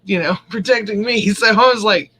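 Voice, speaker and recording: A woman's voice: mid-range voice, a little fast, a bit bright, husky, poor audio. A woman rambling through a story in casual chat, laughing often as she goes, with a drink in hand.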